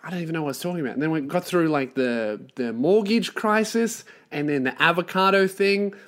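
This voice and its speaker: A man's voice: fairly high pitch, expressive, brisk, fairly bright tone. A young man hosting a solo podcast, ranting with lots of swearing and acting out mocking voices of other people. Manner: profane, ranting, acts out mocking quoted voices. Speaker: podcast host.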